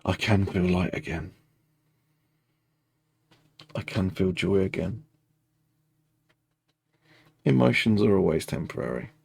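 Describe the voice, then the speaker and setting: A man guides a tapping meditation in a heavily gravelly, husky voice, recorded close and dry. He speaks in slow, repetitive first-person affirmations. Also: deep voice, darkish tone, dry recording.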